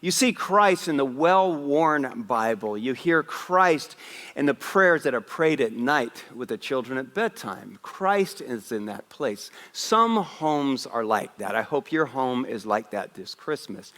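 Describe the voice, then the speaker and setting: A man preaching a Christmas Eve sermon as a pastor, telling a lively personal story with asides. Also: medium pitch, unhurried, long reverb tail. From West Africa. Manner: animated storyteller, raising his voice for punchlines. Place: church sanctuary.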